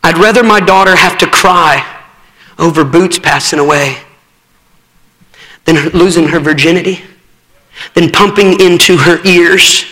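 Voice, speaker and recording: A man's voice: on the high side, a little slow, pauses often, bright, forceful tone. A man preaching a sermon in a church, urgent and telling stories to the congregation. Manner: urgent, storytelling. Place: church sanctuary. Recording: reverberant hall.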